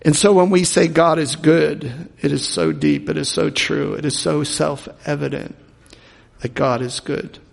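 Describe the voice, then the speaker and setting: Preacher guy, fry-ish voice, drags out key words, big reverby hall. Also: fairly high pitch, lively intonation. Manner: earnest, repeats words, slows for emphasis. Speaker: pastor. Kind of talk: sermon.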